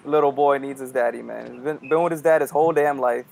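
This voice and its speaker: A man's voice: medium pitch, steady tone, fast, gravelly, a loud crowd, low-quality recording. A man on an MMA podcast panel, talking in a blunt, profane, joking way. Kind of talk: casual MMA podcast chat.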